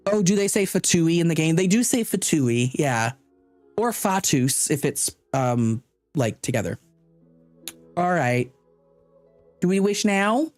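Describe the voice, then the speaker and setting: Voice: medium pitch, animated, measured pace, pauses often, a little mellow, no echo, faint music behind. A streamer giving casual live commentary on a game, chatty and thinking aloud, sometimes stumbling over unfamiliar names.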